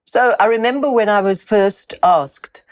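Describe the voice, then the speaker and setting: A woman's voice: medium pitch, measured pace. An older woman, a voice coach and actress answering interview questions thoughtfully, often repeating words as she searches for them.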